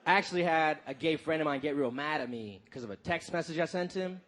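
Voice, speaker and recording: A man in his thirties doing a stand-up comedy set, telling stories in an animated way and jumping into loud shouted voices. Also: a little high, fast talker. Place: live comedy stage before a crowd. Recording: live crowd noise in the background. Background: audience laughter and crowd noise.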